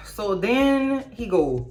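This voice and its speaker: A woman's voice: medium pitch, very animated, very slow, a little mellow, soft background music. A woman hosting a casual show recap, blunt and profane, with mocking asides. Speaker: YouTube recap host. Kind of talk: casual reaction commentary.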